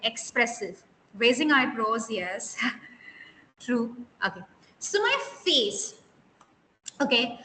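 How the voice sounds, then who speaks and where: A woman's voice: high voice, bright, forceful tone. A woman teaching an online interview skills class, stressing key words and quizzing her students. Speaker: soft skills interview trainer. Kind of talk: live online class lecture. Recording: echoey room with long reverb, faint hiss.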